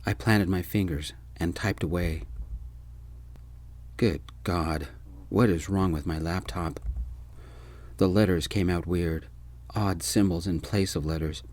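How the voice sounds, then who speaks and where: Brief: a soft-spoken male storyteller, very deep and low, gentle ASMR narration. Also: steady tone, takes it slowly, long pauses. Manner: gentle, first-person narration.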